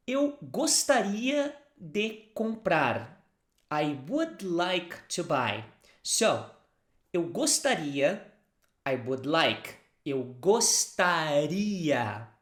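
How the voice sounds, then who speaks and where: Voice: mid-range voice, a bit bright, roomy sound. A Portuguese teacher from southern Brazil, with a southern Brazilian accent and Portuguese as a first language, giving a language lesson in English and carefully repeating phrases word by word.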